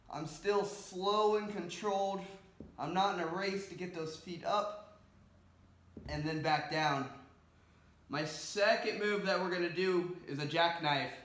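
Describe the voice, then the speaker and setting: A man with a high voice coaches core exercises, walking through each move as he performs it. He talks in a steady, instructive way, a little strained from the effort. The sound is roomy and echoing. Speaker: fitness instructor. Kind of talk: exercise demonstration.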